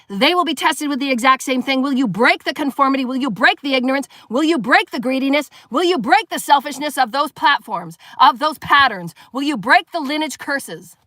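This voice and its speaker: A woman's voice: sits high, brisk, sharp tone, dry recording, clean studio sound. A woman giving a live spiritual sermon, preaching emphatically and firing rhetorical questions at her listeners. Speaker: spiritual teacher.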